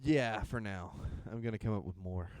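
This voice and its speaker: A man's voice: lowish voice, moderate pace, no echo. A young man co-hosting a podcast in casual chat, playful and full of silly theories. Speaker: podcast co-host.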